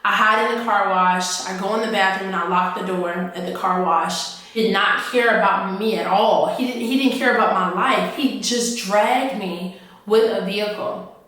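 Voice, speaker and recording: A woman officer telling a personal story in a halting, earnest way, often repeating herself. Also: mid-range voice, a bit bright. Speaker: army officer recounting her experience. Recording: echoey room, voice from off-mic.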